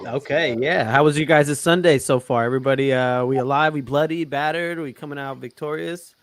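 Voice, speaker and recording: A man's voice: medium pitch, fairly quick. A man co-hosting a fantasy football podcast, tossing slangy, hyped-up greetings and questions to the crew. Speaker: podcast co-host. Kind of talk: casual hype chat.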